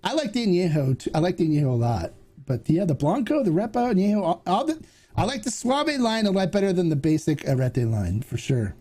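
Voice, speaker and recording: A man's voice: sits high, very animated, a little fast, warm tone, slightly rough. A man hosting a casual question-and-answer show, rambling and chatty as he answers viewer questions. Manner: rambling, chatty, with restarts and acted-out dialogue. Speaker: host. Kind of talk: casual Q&A livestream.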